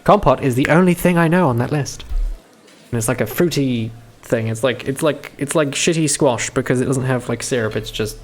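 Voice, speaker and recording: A man's voice: medium pitch, normal speed. Male live streamer, mid-range voice; chatty, profane, stammering commentary. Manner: profane, stammering, laughing often.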